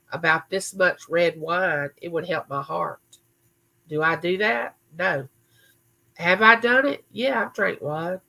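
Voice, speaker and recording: A woman hosting a relaxed livestream from a room in her home, reading viewer comments and talking back to people by name. Her voice is on the low side for a woman, with a bright, forward edge. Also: low-quality recording. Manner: chatty, answers viewers by name. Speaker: livestream host. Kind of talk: casual live chat reading viewer comments.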